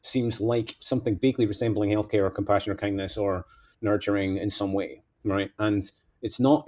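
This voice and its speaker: A man's voice: fairly low pitch, fairly even intonation, normal speed, warm tone. A man delivering a rambling political monologue as a candidate, impassioned, veering between outbursts and mutters.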